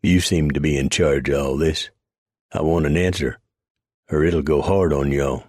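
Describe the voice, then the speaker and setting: A man's voice: very deep voice, steady tone, normal speed, a little mellow, dry recording, studio quality. A man voicing a domineering, contemptuous Roman centurion with a Southern US accent and a menacing drawl.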